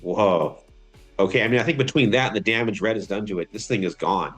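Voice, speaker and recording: A man serves as game master for a tabletop game. He narrates in a low voice with many fillers, and faint music plays behind him. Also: fairly quick. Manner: rambling, full of fillers.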